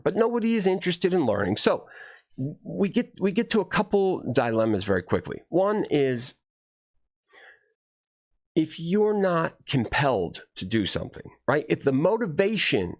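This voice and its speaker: A man delivering a rambling, profane monologue to camera, swinging between low muttering and heated outbursts. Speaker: video host.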